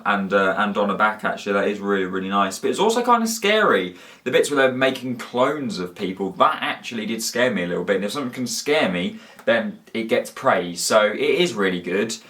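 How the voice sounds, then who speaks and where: An eager man chatting casually about his favourite episodes, his voice sitting a little on the low side. He gushes, circles back and restarts his sentences as he goes. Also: fairly bright tone. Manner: enthusiastic, rambling with frequent restarts. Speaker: fan reviewer. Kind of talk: casual ranking chat.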